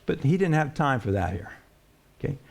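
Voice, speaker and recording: A pastor preaching a sermon in a plain-spoken way, asking rhetorical questions and swinging between a raised voice and a hush. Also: male voice, on the high side, very animated, moderate pace, gravelly. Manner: plain-spoken, with colloquial phrases.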